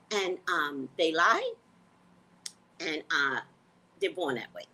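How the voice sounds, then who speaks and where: A woman hosting a casual livestream, talking to her viewers in a blunt, profane, animated way. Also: a little high, unhurried, husky, poor audio. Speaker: psychic reader and livestream host.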